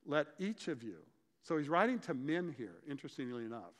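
A man preaching a sermon, explaining scripture and telling stories with lively, acted-out dialogue. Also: on the high side, fairly quick. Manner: animated storytelling, acts out dialogue. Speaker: pastor. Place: church sanctuary. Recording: church hall reverb.

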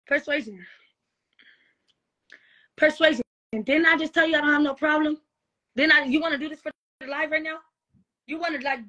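A woman's voice: sits high, a little fast, long pauses, pushed and bright. A young woman ranting on a livestream, profane and defensive, repeating herself. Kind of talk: heated livestream rant.

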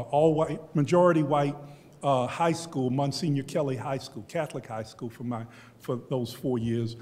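Speaking on a history panel, a Texan in his sixties from Beaumont, US, recounts his own experiences thoughtfully and frequently starts sentences over. His mid-range voice is a little mellow, and the recording carries long hall reverb.

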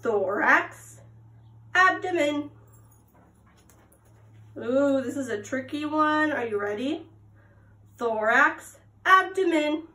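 A woman's voice: high voice, animated, sharp tone. A young adult woman teaching preschoolers at circle time, reading aloud and prompting them with gasps and questions. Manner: slow, sing-song, exaggerated gasps and prompts to children. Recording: echoey room.

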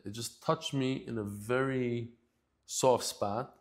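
A man's voice: mid-range voice, steady tone, takes it slowly. Emotional rambling male Talmud teacher. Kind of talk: casual heartfelt lesson intro.

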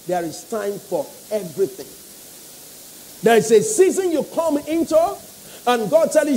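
A man's voice: extremely high pitch, unhurried, long pauses, mellow, low-quality recording. A man with a Nigerian English accent preaching a sermon, emphatic and repetitive, calling out to the congregation. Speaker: pastor.

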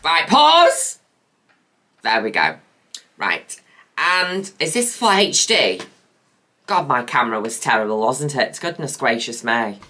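A woman's voice: a bass voice, sing-song, slow pace, pauses often, pushed and bright. A woman, a drag queen host, chatting in a camp, theatrical, self-mocking way as she reacts to an old video. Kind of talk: casual reaction commentary.

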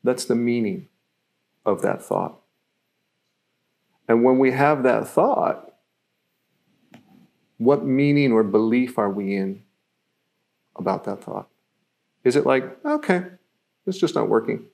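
A man's voice: mid-range voice, slow pace, gravelly, long pauses, darkish tone. A man giving a live-streamed self-mastery teaching talk, reflective and explaining through everyday examples, with many fillers.

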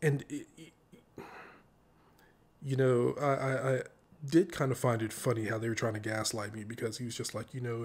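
A man vlogging, casually recounting a story with many "you know" fillers and lively, animated quoted dialogue. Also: mid-range voice, moderate pace, pauses often. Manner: conversational, heavy "you know" fillers, animated when quoting others.

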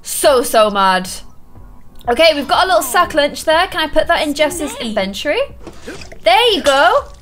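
A woman with a high, bright voice commentating on a life-simulation game for her viewers. She swings her pitch widely and gasps often. Her reactions are loud and playful. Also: normal speed, faint music behind. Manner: excitable, frequent gasps, playful exclamations. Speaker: video game streamer. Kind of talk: gameplay commentary.

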